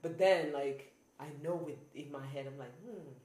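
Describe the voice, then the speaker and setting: A woman chatting casually as a podcast co-host, laughing often and talking in halting restarts. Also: rumbling low, fairly even intonation, darkish tone. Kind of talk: casual chat. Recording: echoey room.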